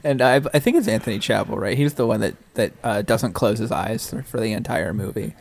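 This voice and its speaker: A man's voice: lowish voice, animated, fairly quick, vocal fry, darkish tone. A man co-hosting a movie podcast, talking casually with wry humor and lots of restarts. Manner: hesitant, repeats words, wry. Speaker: podcast co-host. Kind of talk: casual movie-review chat.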